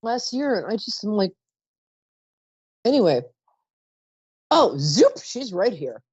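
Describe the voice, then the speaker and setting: Psychic call-in host, woman, rambling and chatty, lively swooping voice, mellow tone, dry dull recording. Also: medium pitch, slow pace, slightly rough, dry recording. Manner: chatty, warm-toned asides, trails off mid-sentence. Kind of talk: live call-in psychic reading.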